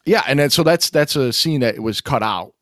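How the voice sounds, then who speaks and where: Medium in pitch and expressive, this man speaks at normal speed with a fairly bright tone, captured cleanly in a studio with no room sound. Co-hosting a casual film podcast, he reads from a screenplay, laughing often and making fun of himself.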